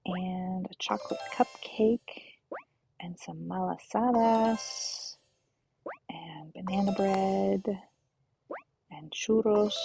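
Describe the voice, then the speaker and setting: A woman streaming a relaxed game, talking slowly and softly, often half-whispering as she goes. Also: medium pitch. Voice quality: gravelly, husky. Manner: slow, soft-spoken, often half-whispered. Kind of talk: relaxed gameplay commentary.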